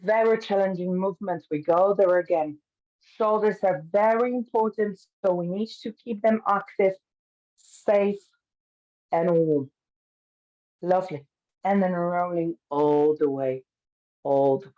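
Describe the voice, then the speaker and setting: A woman teaching an online pilates class, calmly cueing each movement step by step. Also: fairly low pitch, unhurried, pauses often, highs cut off. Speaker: pilates instructor. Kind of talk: guiding an online fitness class.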